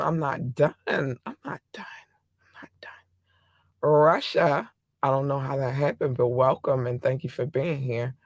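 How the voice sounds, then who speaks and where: A middle-aged man with a hoarse voice hosts a casual solo podcast, rambling warmly through shout-outs to his listeners. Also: medium pitch, no room sound. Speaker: podcast host.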